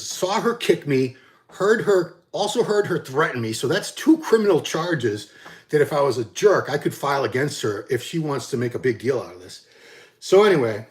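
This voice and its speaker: Man, middle-aged, bodybuilding channel host, casual storytelling, blunt, animated, acts out quotes, average pitch.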